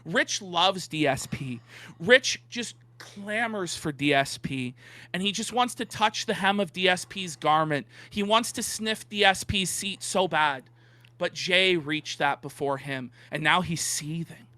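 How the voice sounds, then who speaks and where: A man's voice: high voice, expressive, a little slow, sharp tone, dry recording. A man co-hosting an online commentary show, ranting and mocking with emphatic repetition. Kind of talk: heated commentary on online drama.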